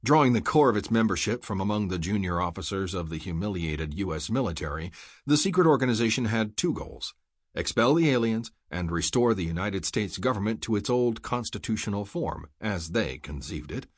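A man narrates an audiobook in a measured, wry storytelling manner. His voice is somewhat low and husky, recorded close and dry. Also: expressive, dry recording. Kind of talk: scripted narration.

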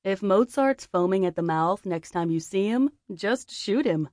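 A woman voicing a careless young man in an audiobook, flat and dismissive. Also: medium pitch, measured pace, no echo, studio quality, close to an everyday voice. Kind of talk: audiobook character voice.

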